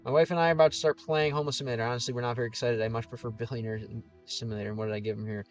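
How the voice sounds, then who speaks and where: A YouTuber livestreams, reading viewer comments aloud in a rambling, easygoing chat that keeps stopping and restarting mid-sentence. His medium-pitched voice is fairly even in intonation but races along. Faint game music plays behind him.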